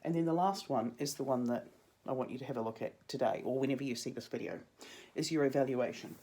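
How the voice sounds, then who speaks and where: A woman's voice: rumbling low, fast, warm tone. A young adult woman, a drama teacher giving a chatty video lesson to her students with jokey asides.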